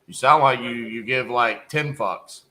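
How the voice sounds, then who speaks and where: A man from Texas, a real estate wholesaler hosting a live sales call, asking calm, logical questions. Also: medium pitch, unhurried, poor audio.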